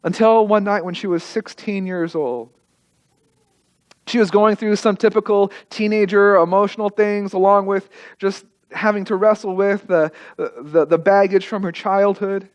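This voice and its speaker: A male pastor telling a story in a sermon, emotive, repeating phrases and dropping soft at key moments. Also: sits high, fairly even intonation, a little slow, smooth.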